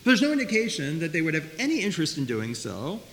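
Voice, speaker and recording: A man teaching a Bible study class, talking in a lively way, often repeating words and asking his listeners questions. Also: a little high, fast. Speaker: Torah teacher. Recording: faint hiss, long reverb.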